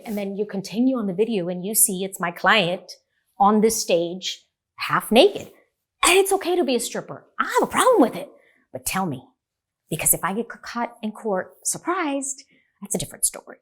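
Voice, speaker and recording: A middle-aged woman, a divorce lawyer, talking in an animated storytelling way and acting out the dialogue. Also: medium pitch, moderate pace. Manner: animated, acts out quoted dialogue. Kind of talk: storytelling in a podcast interview.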